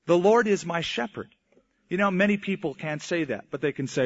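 Male pastor with a higher-than-usual voice, storytelling sermon delivery, dull lo-fi recording. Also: animated, moderate pace. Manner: storytelling preacher, voices quoted people in mock old English. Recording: dull lo-fi sound.

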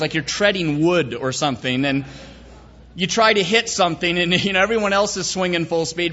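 Male preacher, high pitch, folksy storyteller turned solemn; echoey, dull hall recording. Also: a little fast, bright, forceful tone. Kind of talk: sermon with a comic story and prayer.

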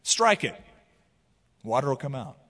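A man voicing a calm, commanding male deity giving direct orders. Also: mid-range voice, a little slow, big-room sound.

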